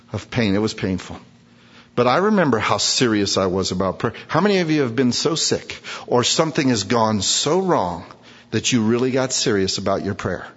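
A man preaching a sermon, animated, acting out prayers and swinging his voice up high when he voices them. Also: slightly rough. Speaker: pastor. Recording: muffled, with long hall reverb.

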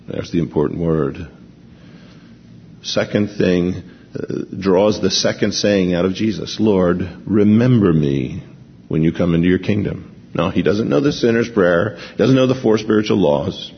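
A man preaching a sermon, reading scripture slowly and then explaining it in a conversational way. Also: fairly low pitch, vocal fry, big-room sound, lo-fi sound.

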